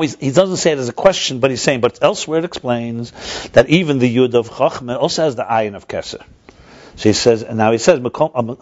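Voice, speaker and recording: Male teacher for a study class: explains as he goes, restarts often, average pitch, dull recording. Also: a little mellow. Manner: thinks aloud with frequent restarts; explanatory, asks and answers himself. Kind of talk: text-study class lecture.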